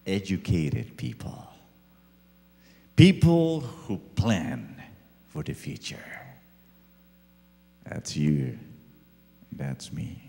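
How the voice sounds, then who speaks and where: A male pastor preaching a sermon, swinging from loud emphatic lines to hushed ones. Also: low-pitched, creaky. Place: church sanctuary. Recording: echoey church hall.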